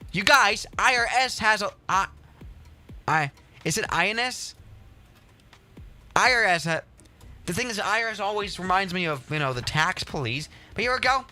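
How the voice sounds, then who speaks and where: A young male streamer with a fairly high, bright voice that swings widely in pitch as he chats. He talks in an excitable, rambling way and pokes fun at himself, with faint music playing underneath. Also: normal speed, long pauses. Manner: excitable, rambling, self-mocking. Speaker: livestream host. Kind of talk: casual game livestream commentary.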